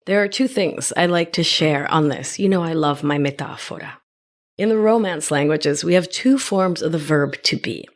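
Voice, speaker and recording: A woman from Argentina whose first language is Spanish, hosting a reflective wellness podcast in a gentle, unhurried way and sometimes dropping to a whisper for emphasis. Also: low voice. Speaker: podcast host and life coach.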